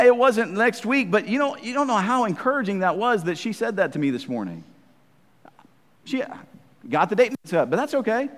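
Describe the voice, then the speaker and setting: A man preaching a sermon in a conversational, emphatic way, swinging between loud and soft. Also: sits high, big-room sound.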